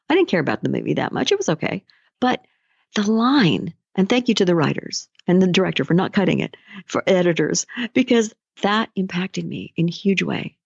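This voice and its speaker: On a solo motivational podcast, a woman who works as a life coach speaks in a relaxed, conversational storytelling style. Her medium-pitched voice carries a gravelly fry and a slightly mellow quality, captured close and dry without echo in muffled, lo-fi sound.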